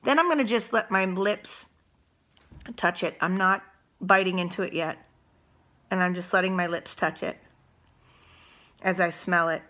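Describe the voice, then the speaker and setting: Middle-aged female wellness coach, bright tone, gentle unhurried guidance, talks while chewing. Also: on the low side. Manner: eats and chews while talking. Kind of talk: guided mindful eating demonstration.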